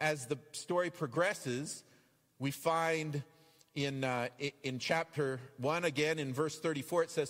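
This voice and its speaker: A man preaching a sermon as pastor, animated and acting out the voices in the passages he reads. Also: on the high side, in a large hall. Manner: animated, acts out quoted voices. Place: church.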